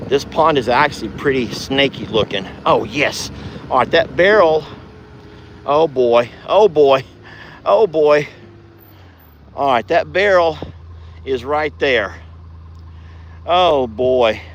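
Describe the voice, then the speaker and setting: A man's voice: mid-range voice, expressive, takes it slowly, long pauses, a little hiss or hum, rough recording. A man chatting folksily as host of a farm livestream, outdoors. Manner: folksy, chatty, calls loudly to his deaf dog. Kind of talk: casual livestream chat.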